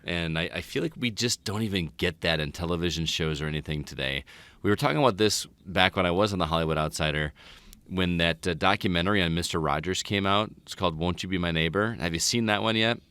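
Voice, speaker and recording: Man, very deep voice, smooth tone, earnest rambling podcast talk. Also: fast, bright, forceful tone, no room sound. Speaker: teacher and podcast guest. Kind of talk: casual podcast chat.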